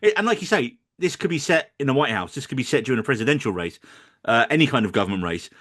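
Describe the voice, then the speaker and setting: A middle-aged man talks films with friends on a podcast in a loose, joking way. His pitch bounces around a lot as he riffs, and his voice sits at an ordinary middle height. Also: quick pace. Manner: joking, animated, quotes others in mock voices. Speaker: podcast co-host. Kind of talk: casual film review chat.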